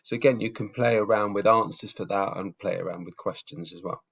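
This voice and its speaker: Low, gravelly male teacher, patient and step-by-step, dull lo-fi sound. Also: a little fast, fairly bright tone. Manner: patient, explains step by step with fillers. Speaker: Spanish teacher. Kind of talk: casual video lesson.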